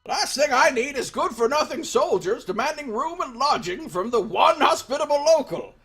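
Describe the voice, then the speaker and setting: A man's voice: animated, a bit bright, faint music behind, heavily acted. Man putting on a cranky, stubborn old villager. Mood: grumbling. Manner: high, slow, indignant cranky old-man voice.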